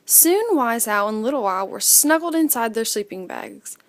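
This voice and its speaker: A woman reading a children's story aloud in an expressive way, acting out the sound effects herself. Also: a little high, moderate pace.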